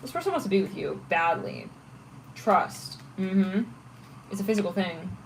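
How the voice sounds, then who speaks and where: A woman talking her way through a tarot reading in a loose, chatty manner, circling back and restarting as she thinks aloud. Her voice sits at an ordinary pitch for a woman, with a faint hiss of noise underneath. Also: big pitch swings, normal speed, vocal fry, low-quality recording. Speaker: tarot reader.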